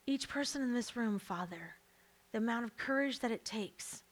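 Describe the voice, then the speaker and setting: Emphatic woman preacher, somewhat high voice. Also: lively intonation, normal speed. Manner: emphatic, repeats key lines, drops to a hushed whisper in prayer. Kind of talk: sermon with prayer. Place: church.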